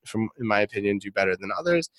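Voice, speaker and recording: Chatty male host with a lowish voice. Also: lively intonation, fast talker, a bit bright, no echo. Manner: chatty, with repeated restarts. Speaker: interview host. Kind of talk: casual interview.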